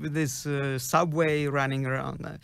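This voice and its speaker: A man with a thick Russian accent chats as a talk-show guest, hunting for words in broken English. His voice is gravelly and slightly high, and the sound is dry and close to the mic. He pauses often between phrases. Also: little pitch movement, fairly bright tone, no room sound. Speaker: guest comedian and actor. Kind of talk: casual chat.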